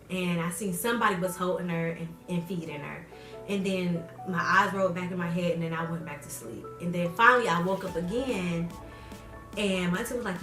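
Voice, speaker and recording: A young woman tells a story in a casual, lively vlog style and acts out the voices of the people in it. Her voice sounds roomy and set back from the mic, with faint music underneath. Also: distant mic. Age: young adult. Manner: animated, acts out quotes with big pitch jumps. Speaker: vlogger.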